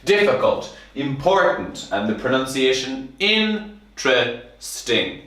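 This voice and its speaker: A man teaches a grammar lesson at a whiteboard, spelling words out letter by letter and repeating examples slowly. His voice is bright and forward. The room rings with heavy echo, and the mic sits some distance away. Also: fairly low pitch. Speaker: English teacher. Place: classroom with whiteboard. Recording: echoey room, mic far off.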